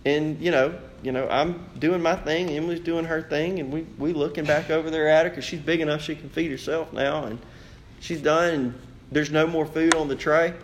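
Man, pastor preaching, high voice, rhetorical questions. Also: steady tone, moderate pace, a little hiss or hum. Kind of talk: sermon.

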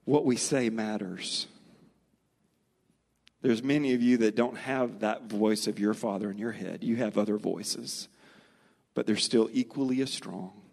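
A middle-aged man preaching a sermon, earnest and storytelling, slowing and speeding up for emphasis. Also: on the low side, gravelly, a little mellow. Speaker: pastor. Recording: long reverb of a large hall.

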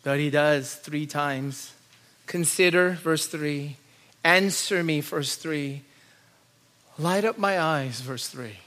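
A male pastor preaching with a high, bright voice. He drops into low, quiet asides, then climbs into loud, urgent pleading. He asks question after question and stacks repeated lines. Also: slow. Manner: rhetorical questions and repeated lists. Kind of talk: sermon.

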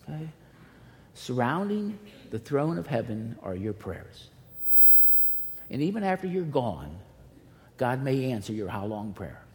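A man preaches a sermon with a mellow, warm voice that rings out in a big church hall with a long echo. He repeats himself for emphasis and moves between urgent pleading and hushed, almost whispered lines. A faint hiss sits under the recording. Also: medium pitch, big pitch swings, measured pace, long pauses. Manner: emphatic and repetitive, swinging from loud pleas to hushed near-whispers. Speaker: pastor. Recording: reverberant hall with faint noise.

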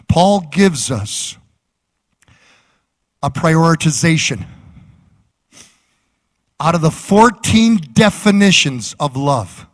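High-voiced fervent preaching man. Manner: fervent, rhythmic preaching with repeated phrases. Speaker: pastor. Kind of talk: sermon.

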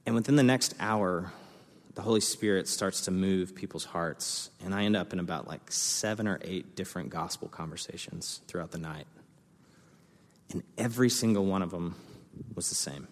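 A young man preaching a sermon as a pastor, telling a story with lively energy and acting out the voices of the people in it. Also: low-pitched, normal speed. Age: young adult. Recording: long hall reverb.

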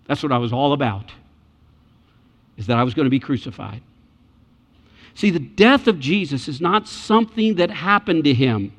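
A man preaching a sermon in a church, animated and acting out the voices in the scripture scenes he retells. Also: fairly high pitch, moderate pace, pauses often. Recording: muffled church hall reverb.

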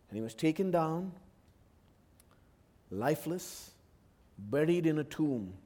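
A male pastor preaching a sermon, expressive and acting out voices from the story. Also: on the high side, measured pace, long pauses. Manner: expressive, acts out the disciples' voices.

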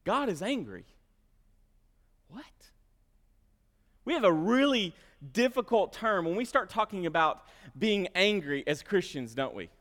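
A male pastor delivers a sermon in a high voice, repeating words as he starts his phrases. He swings from soft asides to loud emphasis. His voice rings with long reverb in a church sanctuary. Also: big pitch swings, unhurried, long pauses.

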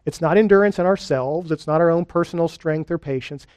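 A male pastor giving a sermon, earnest and conversational, slowing down for lists and key points. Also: fairly high pitch, a little mellow, no room sound, studio quality. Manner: earnest, conversational preaching with deliberate pauses and lists. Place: church.

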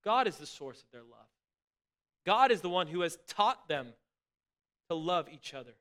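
Bright-voiced man preaching earnestly. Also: high-pitched, sing-song, moderate pace. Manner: earnest, emphatic preaching with repeated restarts and dropping to soft asides. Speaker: pastor. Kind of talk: sermon.

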